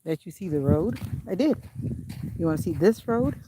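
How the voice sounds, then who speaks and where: A woman's voice: on the low side, animated, moderate pace, background noise. A woman vlogging casually while walking her dog outdoors on a country road, chatting and giving the dog firm commands. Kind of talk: casual walking vlog commentary.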